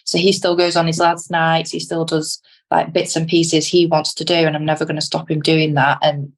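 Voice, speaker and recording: A woman's voice: low-pitched, completely flat delivery, moderate pace. A young British woman co-hosting a podcast, talking casually, laughing often and using British slang. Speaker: podcast co-host. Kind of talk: casual chat.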